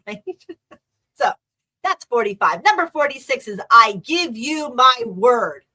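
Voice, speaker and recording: Bright, chatty woman podcast host. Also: on the high side, animated, a little slow. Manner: chatty, rambling, enthusiastic. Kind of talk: casual solo podcast talk.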